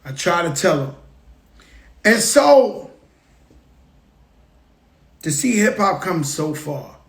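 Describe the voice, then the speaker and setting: A man from the Bronx with a New York accent, talking in an emphatic, animated way as he tells stories on a casual live stream. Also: fairly high pitch, roomy sound. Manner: emphatic, animated storytelling with call-outs to viewers. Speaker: rapper speaking on a live stream. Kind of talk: casual motivational monologue.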